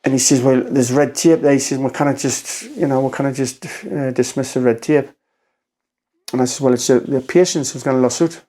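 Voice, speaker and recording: A man's voice: medium pitch, steady tone, warm tone. Rambling Geordie man telling a story. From Newcastle, England. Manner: rambling, halting, acts out quotes with "I says". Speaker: podcast guest. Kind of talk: casual storytelling conversation.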